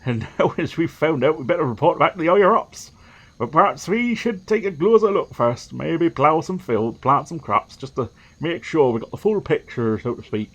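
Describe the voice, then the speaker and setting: A man's voice: fairly high pitch, expressive, normal speed, breathy edge, highs cut off, pitched above the performer's own voice. A man voicing a zealous, self-righteous male cult inquisitor in a video game.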